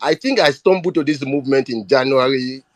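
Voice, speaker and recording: A man's voice: medium pitch, a little fast, dry recording. A man with a Nigerian accent speaking earnestly and emotionally on a live audio chat, often repeating himself. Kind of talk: impassioned appeal.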